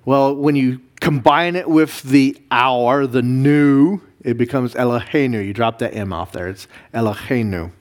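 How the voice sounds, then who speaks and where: A man, a pastor, teaching a Bible class, explaining Hebrew words slowly with many fillers and restarts. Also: mid-range voice. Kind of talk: classroom lesson reading Hebrew.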